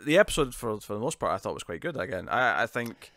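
A man's voice: on the low side, big pitch swings, quick pace, a bit bright, dry recording, clean studio sound. A man co-hosting a casual podcast review, talking with lots of laughs and repeated words. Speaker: podcast co-host.

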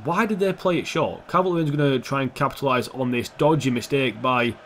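Young male gamer, sweary and excitable play-by-play, average pitch, faint background hiss. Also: fairly quick. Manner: swears a lot, excitable, sarcastic jokes. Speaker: gaming commentator. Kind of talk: casual gameplay commentary.

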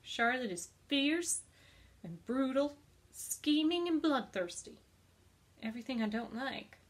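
An innocent young pig speaks in a gentle, earnest voice that rises high when he pleads, as a woman reads his part. He sounds young and guileless. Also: animated, slow. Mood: doubtful.

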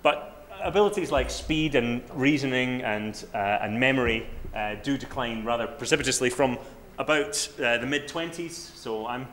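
A man's voice: mid-range voice, fairly bright tone, a little hiss or hum. Scottish man in his twenties lecturing. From Scotland. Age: 20s. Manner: halting, many fillers and restarts, wry self-deprecating humour. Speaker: researcher giving a talk. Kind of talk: academic conference talk. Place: lecture room.

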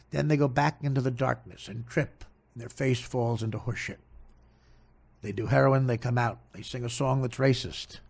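Man, gravelly rasp, mid-pitched, exasperated self-mocking rant, comedy podcast. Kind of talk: ranting comedy podcast monologue.

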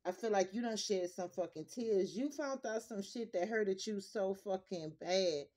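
A woman's voice: medium pitch, normal speed, warm tone. A grandmother reading tarot cards casually to her viewers, in a blunt, profane and emphatic way, repeating her points. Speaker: tarot reader.

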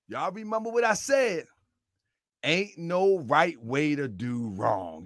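This is a middle-aged man delivering fiery online commentary, his voice pitched high and full of gravel. He swings widely in tone as he shouts and laughs through his points. He takes his time over the words. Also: takes it slowly, pauses often, dry recording, studio quality. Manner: yells often and gets excited; laughs between phrases.

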